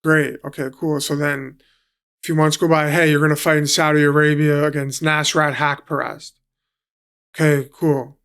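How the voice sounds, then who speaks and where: A man's voice: on the high side, flat delivery, normal speed, fairly bright tone, smooth. A man from New City, a guest telling his story casually, swearing freely and acting out what others said. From New York City. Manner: swears freely, acts out quotes. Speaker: guest, professional fighter.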